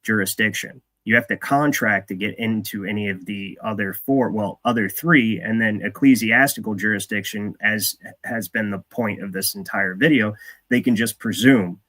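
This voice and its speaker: A man's voice: fairly low pitch, moderate pace, pushed and bright. A man hosting casual commentary, reading aloud with rambling, profane asides. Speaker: host.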